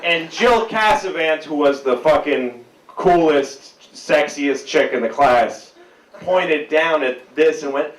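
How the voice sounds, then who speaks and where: Slightly high male storyteller, self-deprecating, off-mic in an echoey, noisy room. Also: slow, distant mic, a faint crowd. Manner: rambling, self-deprecating anecdote.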